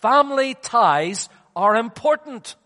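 Casting: man doing a worried, pleading mother, pitched high, long hall echo. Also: expressive, slow pace, sharp tone, exaggerated voice. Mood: anxious. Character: anxious mother scolding her son.

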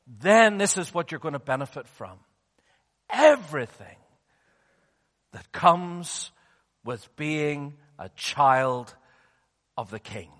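Casting: male preacher, higher voice, very animated, long hall echo. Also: slow, pauses often. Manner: animated, dramatic, swings from loud to hushed. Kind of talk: sermon.

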